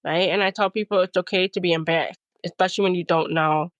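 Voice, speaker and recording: A woman's voice: lowish voice, steady tone, fast talker, fairly bright tone, no room sound, lo-fi sound. A woman guest talking casually in an interview, telling stories animatedly and acting out the people she quotes, with many "like"s and "you know"s. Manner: says "like" and "you know" often. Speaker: guest, speaker and coach.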